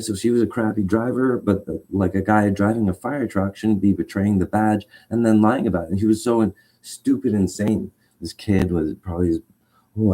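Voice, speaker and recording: A man's voice: on the low side, warm tone. A man telling a long personal story in a rambling, agitated way, full of restarts and acted-out quotes. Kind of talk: casual rant.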